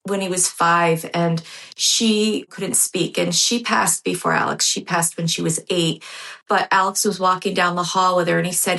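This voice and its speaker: Heartfelt woman in her fifties, gravelly. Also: fairly low pitch, steady tone, sharp tone. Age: 50s. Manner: heartfelt, halting, repeats herself. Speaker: guest. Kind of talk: emotional personal storytelling.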